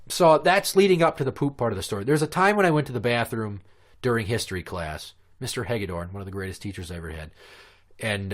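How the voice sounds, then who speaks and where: A man from Minnesota hosting a podcast, telling stories in a crude, profane, casual way and laughing at his own jokes. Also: fairly low pitch. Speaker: podcast host. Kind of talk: casual storytelling chat.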